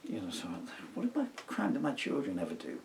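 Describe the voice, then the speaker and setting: A man's voice: medium pitch, wildly swooping pitch, fairly quick, vocal fry, a little mellow, recorded from a distance, slight background noise. A middle-aged man, a songwriter, talking to himself in a casual, rambling and digressive way while working at a table at home. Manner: musing, digressive, talks to himself.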